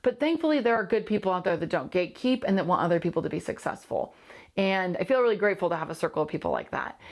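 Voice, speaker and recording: A woman's voice: on the low side, animated, fast. A woman who hosts a coaching channel, talking candidly and earnestly to camera, repeating phrases for emphasis. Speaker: host and coach. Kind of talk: candid solo monologue to camera.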